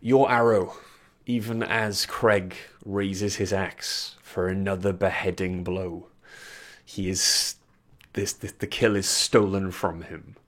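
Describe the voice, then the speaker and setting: Running a tabletop game, a man narrates the combat and issues rulings in a low voice with fairly even intonation and a fairly bright tone. He sounds measured, pausing hesitantly with frequent fillers between rulings.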